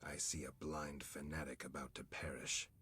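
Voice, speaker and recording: An actor voicing a gruff, weary male monster hunter in a video game, speaking in a flat, dry, unimpressed way. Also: normal speed, soft background music. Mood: contemptuous. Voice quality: very deep, husky. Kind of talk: game voice acting.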